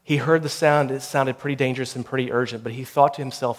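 A man, the pastor, delivering a sermon that builds to intense storytelling and closes in a quiet prayer. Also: medium pitch, steady tone, quick pace, hardly any pauses.

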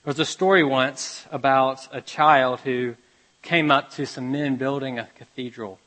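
A man preaching a sermon, reading scripture aloud and telling a parable, moving between loud urgent passages and quiet hushed ones. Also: mid-range voice, fairly even intonation, unhurried, poor audio. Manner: reads scripture aloud and tells a parable with kid voices. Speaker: pastor.

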